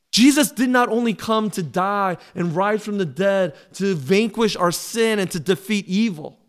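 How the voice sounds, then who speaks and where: Man, pastor, sermon, earnest and pleading, fairly high voice, rises loud on key lines. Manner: earnest, pleading, swells louder on key phrases; drops to a soft, low close in prayer.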